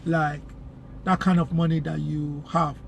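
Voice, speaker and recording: A man's voice: a little high, little pitch movement, a little slow, gravelly. A man with a Nigerian accent chatting casually while he drives, rambling along with street slang. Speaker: vlogger. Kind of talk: casual chat while driving. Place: inside a car in city traffic. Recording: loud road and traffic noise.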